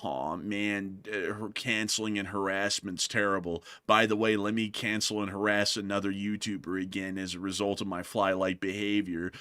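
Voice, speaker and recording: A man's voice: on the low side, little pitch movement, normal speed, hardly any pauses, bright, forceful tone, clear, resonant tone, no echo, pitched below the performer's own voice. A man voicing a whiny, lazy male fly character who groans and drawls every line.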